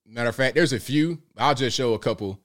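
A man at a desk mic hosting a live stream, his pitch sitting in an ordinary middle range. He jokes around in loose, slangy talk, calling out to his viewers as he clicks through clips. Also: brisk. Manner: joking, animated, talks to viewers, slangy. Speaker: show host. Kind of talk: casual live-stream commentary.

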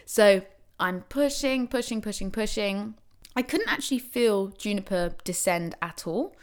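Lively woman telling a story. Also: measured pace. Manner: animated, acts out quotes with big pitch swings. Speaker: new mother telling her birth story. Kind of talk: casual spoken storytelling.

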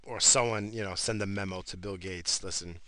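A man's voice: on the low side, fairly even intonation, normal speed, pushed and bright. A man hosting a casual talk show, ranting in a crude, rambling way and swearing constantly. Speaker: podcast host. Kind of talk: casual profane rant.

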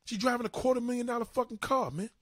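A man's voice: very high-pitched, quick pace, no room sound, studio quality. A man ranting casually and profanely to his viewers, acting out both sides of conversations. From New York. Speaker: commentator.

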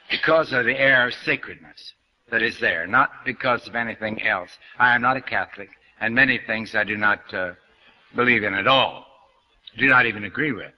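Speaking at medium pitch, a man gives a folksy, conversational New Thought lecture, weaving in scripture quotations. This archival lecture recording has its high frequencies cut off.

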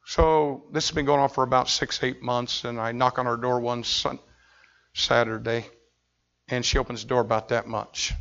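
Gravelly bright-voiced pastor preaching. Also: male voice, mid-range voice, little pitch movement, normal speed, dull audio. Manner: intense storytelling, swings from shouting to hushed. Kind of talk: sermon.

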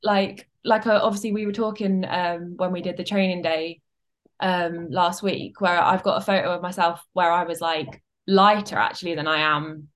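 Young adult woman, lowish pitch, casual client chat, rambly with lots of fillers. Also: fairly even intonation, moderate pace. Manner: chatty, many fillers and restarts. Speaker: coaching client.

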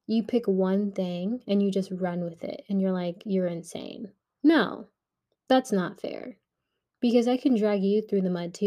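Heated young woman rambling, mellow voice. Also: mid-range voice. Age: young adult. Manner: candid, animated, heated. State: agitated and shaken. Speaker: podcast host. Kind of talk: casual rambling monologue.

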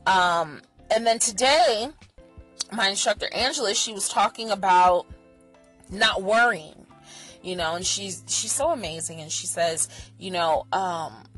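A woman speaks straight to her audience in a personal vlog, her voice sitting at an ordinary middle pitch. She is blunt and swears freely, flaring into heated rants and then dropping to a soft, reassuring hush. Faint music plays quietly behind her. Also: a little slow, low-quality recording. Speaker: vlogger sharing personal experience.

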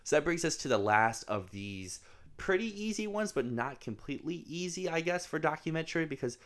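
A man co-hosting a film awards podcast in casual chat, talking quickly and analytically through the options. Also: on the high side, expressive, fairly bright tone. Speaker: podcast co-host.

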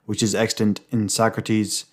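Reading a saint's life aloud, a low-voiced man keeps to a measured pace. His delivery is flat and even with little rise or fall, and now and then he stumbles on a word and starts it again.

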